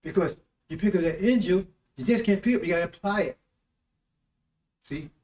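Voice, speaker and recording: A man hosting a broadcast delivers a rambling, informal sermon, peppering it with "See?" and "Right?" to check in with listeners. His voice sits high with a darkish tone and is animated at a moderate pace, heard with roomy echo from a distance to the mic.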